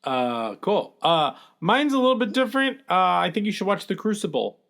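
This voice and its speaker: Halting, somewhat high-voiced man. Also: very animated, a bit bright. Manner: halting, many filler sounds. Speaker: podcast co-host. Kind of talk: casual chat.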